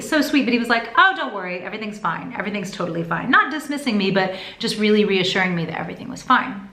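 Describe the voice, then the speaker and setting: Chatty woman vlogging in an echoey room. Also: medium pitch. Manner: chatty, expressive storytelling. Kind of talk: casual pregnancy update vlog.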